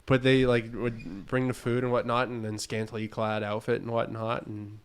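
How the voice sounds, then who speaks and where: Easygoing male guest, mid pitch, smooth resonant tone, casual cursing. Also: level tone, moderate pace. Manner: laid-back, slangy, swears casually. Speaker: podcast guest, musician. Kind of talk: casual chat.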